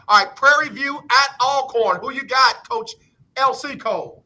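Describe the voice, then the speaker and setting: A man hosting a casual radio sports talk show, brisk and upbeat, calling on guests by name for their picks. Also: very high voice, sharp tone, poor audio.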